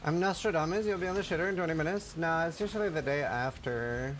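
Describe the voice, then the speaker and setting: A man's voice: a little high, fast, fairly bright tone, slight background noise. A man streaming casually, joking and chatting with his viewers. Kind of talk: casual livestream chat.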